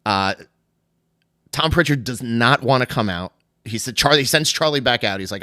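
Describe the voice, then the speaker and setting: A man's voice: mid-range voice, animated, moderate pace, bright, forceful tone, no room sound, clean studio sound. A man hosting a podcast, casually retelling a story in a rambling way full of fillers and laughs. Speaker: podcast host.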